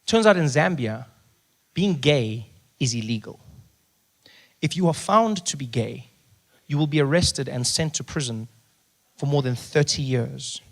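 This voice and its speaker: A man from Africa, telling stand-up stories in an animated way and acting out the people he meets. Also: medium pitch, a little slow, creaky, pauses often. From South Africa. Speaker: stand-up comedian. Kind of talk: stand-up comedy storytelling.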